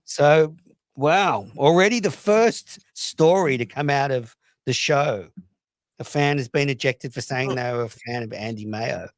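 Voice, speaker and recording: A man hosting a casual live show, rambling and reading posts aloud with quick asides. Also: medium pitch, no room sound. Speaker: podcast host.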